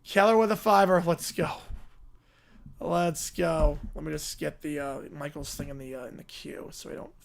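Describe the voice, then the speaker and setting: A man's voice: on the high side, fairly even intonation, moderate pace, vocal fry. Amused male live-stream host. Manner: amused, rambling asides. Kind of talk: casual live-stream commentary.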